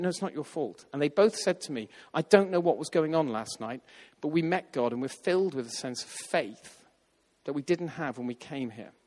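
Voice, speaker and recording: A man telling a story in a sermon, lively and acting out the voices of the people in it. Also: mid-range voice. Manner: animated, acts out quoted voices. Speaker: preacher. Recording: long hall reverb.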